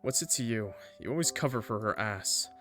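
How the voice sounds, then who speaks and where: A man voicing a bitter, quick-tempered teenage boy in a story game, speaking in a sneering, resentful way. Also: fairly low pitch, expressive, over music.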